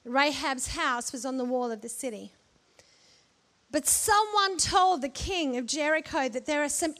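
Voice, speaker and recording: A woman delivering a sermon, talking to the congregation with humorous asides and rhetorical questions. Her voice is high and bright. She takes her time and lets each line land. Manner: conversational preaching with humorous asides. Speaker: preacher.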